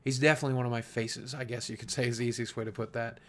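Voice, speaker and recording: A man with a slight Southern accent speaks to camera in a mid-pitched voice, candid and earnest. He thinks aloud as he goes, restarting sentences and doubling words. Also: steady tone, rapid-fire, fairly bright tone. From Southwest Virginia, USA. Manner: earnest, reflective, with frequent restarts and repeated words. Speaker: YouTube creator. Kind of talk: candid talking-head monologue.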